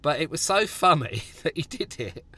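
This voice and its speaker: Bright-voiced teasing man. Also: fairly high pitch, very animated, no echo. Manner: teasing, quick questions, breaks into laughter. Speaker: podcast co-host. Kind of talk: casual podcast banter.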